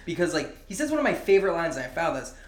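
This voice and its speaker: A man's voice: a little high, big pitch swings, racing, reverberant. A man joking around in a casual chat about a movie. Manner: joking, playful.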